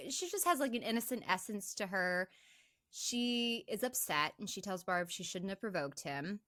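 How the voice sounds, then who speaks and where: A woman's voice: medium pitch, dry recording. A young woman co-hosting a podcast, casually retelling a movie's plot and acting out the characters' lines. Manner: animated retelling, acts out quoted lines. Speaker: podcast co-host.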